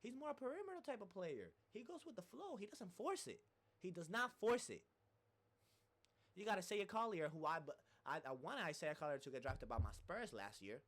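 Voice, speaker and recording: A man's voice: high voice, sing-song, a little fast, a bit bright. A man giving a casual, rambling sports rant as a streamer, repeating himself and swearing freely.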